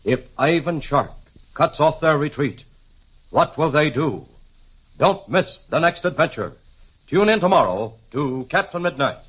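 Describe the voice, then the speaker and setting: Dramatic husky radio announcer man. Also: a little high, animated, measured pace, a bit bright, highs cut off. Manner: dramatic, suspenseful.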